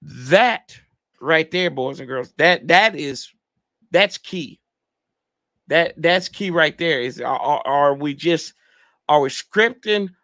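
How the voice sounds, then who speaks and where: A man's voice: fairly high pitch, bright, forceful tone, no echo. Male fan-show host, casual slangy rambling, answers chat, dry close mic. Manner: rambling, reads chat comments aloud, slangy. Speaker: podcast host reading live chat. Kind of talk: casual sports fan livestream.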